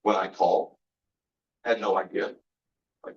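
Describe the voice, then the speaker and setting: A man with a low, flat voice and vocal fry speaks at a moderate pace as a guest speaker giving an earnest, faith-based motivational talk. He tells personal stories and acts out the exchanges in them, and the recording sounds roomy, distant and dull.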